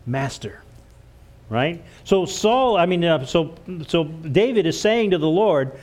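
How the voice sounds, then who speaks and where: A man's voice: on the high side, lively intonation, slow pace, a little mellow. A man preaching a church sermon, earnest, stumbling over and repeating words as he goes. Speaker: pastor.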